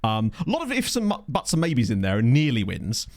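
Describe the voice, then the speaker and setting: A man giving chatty, excitable live commentary on a football management game he is playing. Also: mid-range voice, fairly quick. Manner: excitable, chatty, thinks aloud. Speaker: video game streamer.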